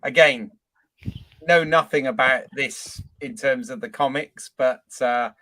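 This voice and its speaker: A man's voice: medium pitch, measured pace, bright, forceful tone, no room sound, rough recording. A man hosting a casual chat, talking in an easygoing, loose way with many fillers. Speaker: podcast host.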